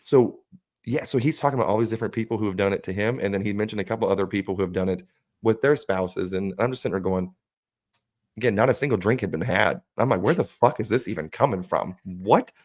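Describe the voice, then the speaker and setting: Low-voiced man telling a wild story. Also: fast. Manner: animated storyteller, acts out quoted friends, swears freely. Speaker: podcast co-host. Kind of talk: casual storytelling.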